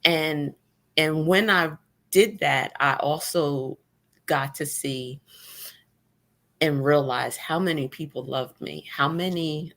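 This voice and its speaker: A woman's voice: low-pitched, takes it slowly, fairly bright tone. A middle-aged woman talking candidly with wry humor as a guest about her past with cancer, on a video call. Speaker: guest, cancer survivor blogger. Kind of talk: casual emotional conversation. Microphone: remote video call.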